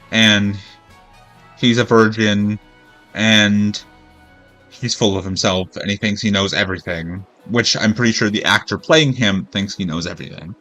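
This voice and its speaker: This male streamer's voice sits low and sounds sharp as he plays a video game. He delivers a rambling, profane gameplay rant full of exasperation.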